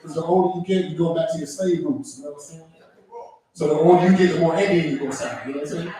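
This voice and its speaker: Hosting an open mic at a small club, a comedian runs through loose, profane stand-up in a mellow, slightly high voice at a fast clip. The room is very echoey and the mic sits well away from him.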